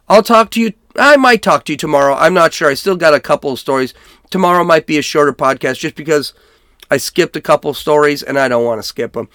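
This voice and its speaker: A man hosts his solo podcast in an emphatic, worked-up rant, hammering points and repeating himself as he goes. His voice sits a little high for a man. The sound is dry and close, with no room around it. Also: fairly bright tone, dry recording. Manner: heated, emphatic ranting with repetitions. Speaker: podcast host. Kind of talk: solo political podcast monologue.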